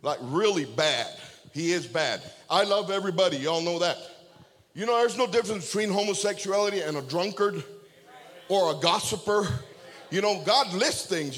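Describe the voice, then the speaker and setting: Pastor guy, kinda high voice, fired up sermon, keeps going amen? okay?, big echoey hall. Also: expressive, normal speed, a bit bright. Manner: fervent, repeats amen and okay to the congregation. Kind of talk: sermon with storytelling. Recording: long reverb of a large hall.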